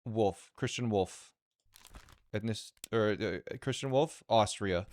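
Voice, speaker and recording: A man streaming a puzzle game, thinking aloud in live commentary, excited and quick to repeat himself. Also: lowish voice, no room sound.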